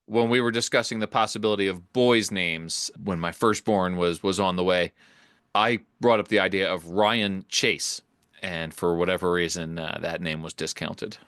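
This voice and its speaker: A man's voice: deep voice, moderate pace, fairly bright tone, clean tone, no room sound, clean studio sound. A man co-hosting a casual chat, easygoing and thinking aloud as he talks. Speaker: podcast co-host.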